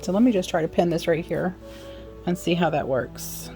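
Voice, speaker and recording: Woman, low register, casual hands-on sewing tutor with chatty asides; light music underneath. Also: normal speed, warm tone. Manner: chatty, apologetic asides, talks while working. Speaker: sewing instructor. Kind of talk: casual how-to demonstration.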